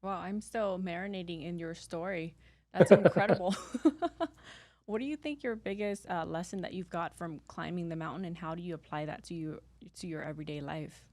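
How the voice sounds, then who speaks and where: A woman hosting a podcast who asks interview questions in a soft, appreciative way. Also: lowish voice, fairly quick, dry recording. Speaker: podcast host.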